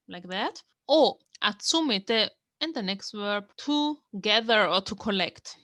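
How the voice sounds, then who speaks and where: A young German woman gives a casual language lesson, thinking aloud as she explains a manga text word by word. Her voice is medium in pitch with a fairly bright tone, recorded at studio quality with no echo.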